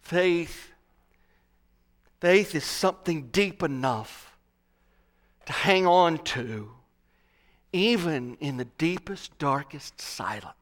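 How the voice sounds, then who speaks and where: A man preaching a sermon, slow and dramatic, swelling loud and then dropping to a hush. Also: fairly high pitch, expressive.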